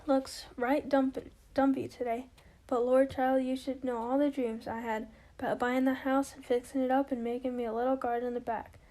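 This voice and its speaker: A grieving old widow and family matriarch, read by a woman, looking back on lost dreams in a slow, homely drawl. Her voice sits high yet stays dark and mellow. Heard in a plain play reading. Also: level tone, close to an everyday voice. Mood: wistful.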